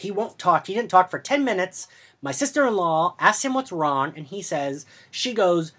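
A man telling a story over drinks on a podcast in a casual, animated way, acting out the voices of the people he quotes. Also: high-pitched, moderate pace.

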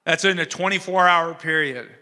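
A man delivers a sermon with a high, ringing, very bright voice. He tells the story conversationally, checking in with his listeners and acting out each character's lines. The sound carries a long hall reverb. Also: moderate pace. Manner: conversational, asks the audience "you know what I'm saying". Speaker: preacher.

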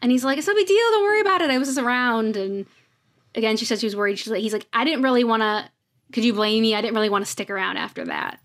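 A woman's voice: on the high side, steady tone, quick pace, a bit bright. A woman co-hosting a podcast, casually retelling episode scenes and quoting characters with lots of fillers. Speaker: podcast co-host recapping episodes. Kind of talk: casual chat.

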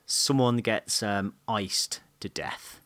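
A man's voice: fairly low pitch, slow, a bit bright, dry recording. A man co-hosting a podcast in casual chat, telling playful, giggly stories. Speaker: podcast co-host.

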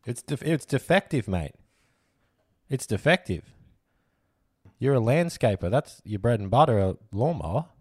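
A man with an Australian accent hosting a comedic footy podcast, animated and exasperated, swearing freely. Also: mid-range voice, unhurried, pauses often, slightly rough, dry recording, studio quality. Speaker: podcast host.

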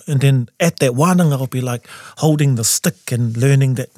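A man in his forties with a New Zealand accent, a composer guest telling his story in a studio interview and jumping into high voices when he quotes people. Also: normal speed, a little mellow, dry recording. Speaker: guest, composer and taonga pūoro player.

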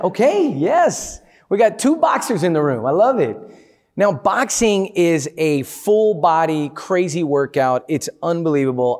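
A man giving a motivational talk to a live audience, energetic and playful, often asking the crowd questions. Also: sits high. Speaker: motivational speaker.

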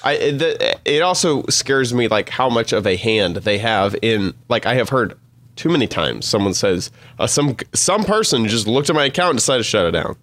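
A man with a middle-pitched voice talks casually, asking wondering questions and breaking off to restart his thoughts. The recording is dry and close. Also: lively intonation, moderate pace, fairly bright tone, no room sound. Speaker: podcast panelist. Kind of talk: casual chat.

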